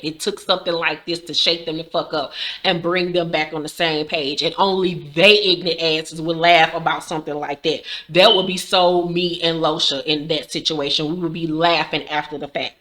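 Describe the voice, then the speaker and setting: Forceful, chatty woman recapping a show. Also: low voice. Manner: slangy, profane, chatty storytelling. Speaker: YouTuber recapping a TV episode. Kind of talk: casual recap chat.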